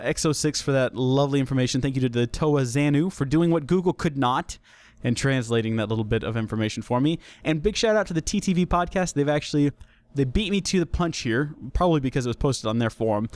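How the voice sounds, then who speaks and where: A man's voice: medium pitch, dry recording. A young man hosting a casual solo podcast, chatty and jokey, often restarting his sentences. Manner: chatty, jokey, self-deprecating, with many restarts. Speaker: podcast host.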